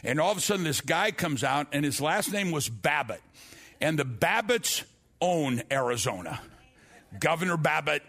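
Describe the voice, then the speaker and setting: A man's voice: fairly high pitch, sing-song, moderate pace, gravelly, fairly bright tone. A man preaching a sermon, telling his testimony earnestly with frequent restarts and repeated words.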